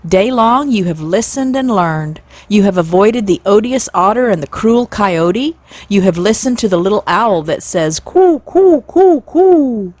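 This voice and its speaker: A stately father swan holds forth in long, ornate sentences, pleased with his own eloquence, voiced by a woman in her sixties. The storybook reading sits at a medium pitch, unhurried and formal. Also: expressive, a little mellow, no room sound. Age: 60s. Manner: long-winded, formal, flowery speech. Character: stately pompous father swan, male, grand talker.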